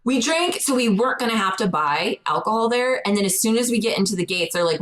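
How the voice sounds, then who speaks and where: A woman's voice: medium pitch, expressive, fast talker, few pauses, fairly bright tone, rough recording. A young adult woman, co-hosting a podcast, telling a story animatedly and acting out quotes in a raised voice. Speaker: podcast co-host. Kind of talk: casual storytelling chat.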